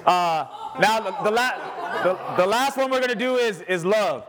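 A man's voice: sits high, a little slow. A man leading an interactive sermon activity, joking and calling out to the crowd. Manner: lively, joking, calls out to the crowd. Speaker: church speaker leading a group activity.

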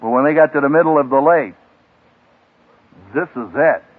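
A man preaching a sermon to a graduating class as a seminary professor, emphatic and dramatic, with big swings in pitch and loudness. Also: moderate pace. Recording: tinny lo-fi archival radio broadcast.

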